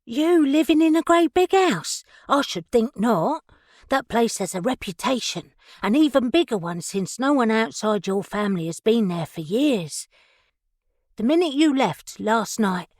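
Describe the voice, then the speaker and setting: A woman's voice: on the high side, measured pace, no room sound, studio quality, voice pushed up. Woman doing a bold, teasing young actress. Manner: lively, teasing, confiding.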